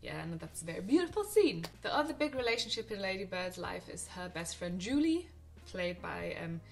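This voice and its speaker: A young woman film vlogger chats to camera about her favourite films, recommending them casually and gushing, with lots of ums and restarts. Her voice is lowish with big pitch swings, brisk and marked by vocal fry. Faint music plays behind her.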